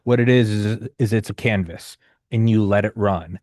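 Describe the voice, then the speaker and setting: A man's voice: fairly low pitch, normal speed, darkish tone, dry recording, studio quality. A man in his thirties telling a long personal story in casual conversation, rambling and profane with many restarts and fillers. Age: 30s.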